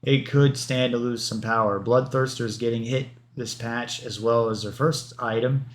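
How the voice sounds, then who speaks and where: A man's voice: mid-range voice, fairly even intonation, normal speed. A man streaming live, reading game patch notes aloud, rattling off lists of numbers and drifting into offhand asides.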